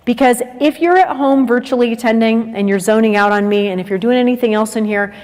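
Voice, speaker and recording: A woman's voice: a little high, brisk. A woman presenting at a teacher training day, speaking conversationally and acting out examples. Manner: lively, conversational, acts out examples. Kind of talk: lecture to teachers. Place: large lecture hall with a livestream. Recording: long reverb of a lecture hall.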